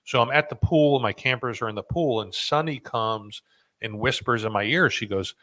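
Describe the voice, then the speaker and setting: A man's voice: mid-range voice, moderate pace, sharp tone. A man hosting a podcast, chatting casually and telling a rambling story with many fillers and restarts. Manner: rambling with fillers and restarts, self-deprecating laughs. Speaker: podcast host.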